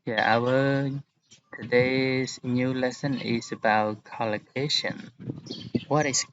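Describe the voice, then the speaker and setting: Slow, patient male English teacher. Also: medium pitch, fairly even intonation, a bit bright, dull audio, slight background noise. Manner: slow, explaining patiently with examples. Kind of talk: recorded classroom lesson.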